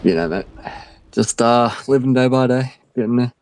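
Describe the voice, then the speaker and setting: A man with an Australian accent joining a casual gaming chat, easygoing and relaxed. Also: medium pitch, moderate pace, dry recording. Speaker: guest in chat.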